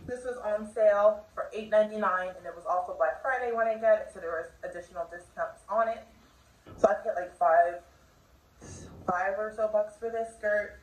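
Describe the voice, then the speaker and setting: A woman's voice: medium pitch, a little mellow. A young woman chatting casually through a clothing try-on haul at home, bubbly and full of filler words. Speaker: fashion vlogger. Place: home room. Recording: echoey room audio, distant mic.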